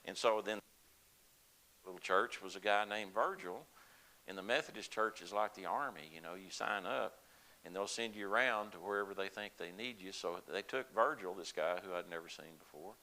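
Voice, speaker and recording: A man's voice: deep voice, normal speed, pushed and bright, rough recording. An older man telling a personal story to a congregation in a folksy, conversational way. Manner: folksy, conversational, with laughs and asides. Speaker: lay speaker at a church service.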